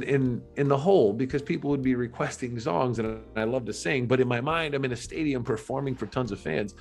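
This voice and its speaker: A middle-aged man, a podcast guest, telling his life story in a candid, earnest and reflective way, with halting restarts. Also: mid-range voice, animated, faint music behind.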